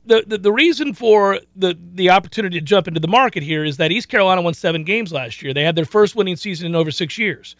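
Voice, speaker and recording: A man hosting a sports betting radio talk show, emphatic and quick with asides. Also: high voice, animated, a bit bright, dry recording, clean studio sound.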